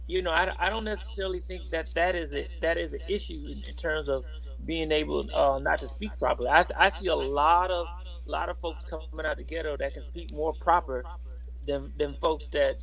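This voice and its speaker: A man co-hosting a casual podcast discussion, making his points in a measured way and often checking in with his listener. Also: on the high side, steady tone, vocal fry, a bit bright, low-quality recording. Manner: measured, leans on "you know what I'm saying". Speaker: podcast co-host.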